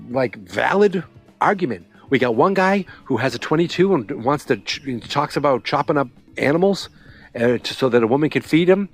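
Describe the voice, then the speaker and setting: Chatty sarcastic male podcast host. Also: on the high side. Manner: chatty, sarcastic, lots of fillers and quoted voices. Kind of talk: casual episode recap.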